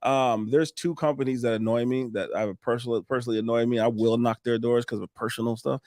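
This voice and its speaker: A man's voice: medium pitch, fairly even intonation, quick pace, darkish tone, dry recording, clean studio sound. A man, a roofing contractor telling sales stories in a casual interview, acting out both sides of conversations and swearing freely.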